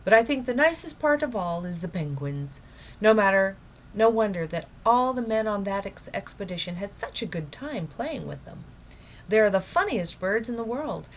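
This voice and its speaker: Woman reading as a dreamy, wonder-struck middle-aged man, storybook voice, a little higher and livelier than her narration. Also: expressive, normal speed, a little hiss or hum, close to an everyday voice. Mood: eager. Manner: enthusiastic, wondering. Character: eager dreamy middle-aged house painter. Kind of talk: children's book read aloud.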